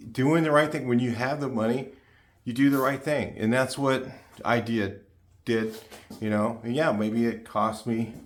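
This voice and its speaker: Chatty older man rambling to camera. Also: on the low side. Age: 60s. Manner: chatty, repeats himself, frequent fillers and restarts. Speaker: car channel host. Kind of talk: casual rambling talk to camera. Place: home garage.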